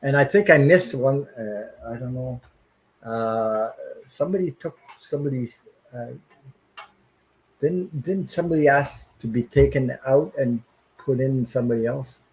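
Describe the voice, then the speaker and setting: A man's voice: mid-range voice, measured pace, a little mellow, poor audio. A man hosting a tarot livestream, chatting casually and rambling with many fillers, sounding tired.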